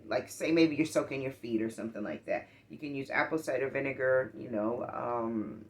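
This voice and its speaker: A woman's voice: extremely low pitch, normal speed. A woman talking to her viewers in a casual monologue, giving earnest, encouraging advice in a rambling way with many fillers. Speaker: vlogger giving life advice.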